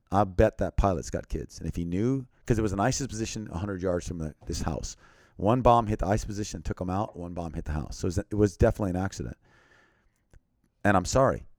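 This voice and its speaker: Deep-voiced earnest man telling a story. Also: dry recording, clean studio sound. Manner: earnest, emphatic, often drops to a quiet, grave tone. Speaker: interview guest. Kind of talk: personal storytelling in an interview.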